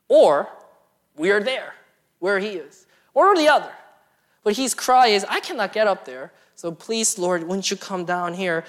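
A young woman preaching a sermon in an earnest way, dropping to hushed asides and rising to emphatic pleas. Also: fairly low pitch.

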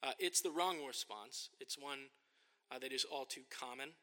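A man's voice: medium pitch, moderate pace, pushed and bright. A man preaching a sermon as a pastor, earnest and emphatic, often asking rhetorical questions, in a church sanctuary. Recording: long reverb of a large hall.

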